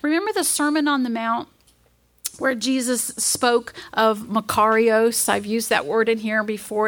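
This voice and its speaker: A woman preaching a sermon in an earnest manner, reading scripture aloud with slow, deliberate emphasis. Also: fairly high pitch, a bit bright.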